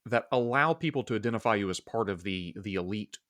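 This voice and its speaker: A man hosting a podcast speaks in a slightly low voice, thinking aloud and feeling for the right words. He is from Oklahoma and keeps the conversation casual. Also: expressive, quick pace, a bit bright. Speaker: podcast host. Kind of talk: casual interview talk.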